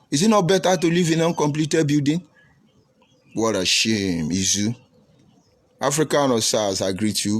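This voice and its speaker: A man with a Nigerian English accent, a preacher hosting a livestream, answering viewer comments in a combative, preachy way full of rhetorical questions. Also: on the low side.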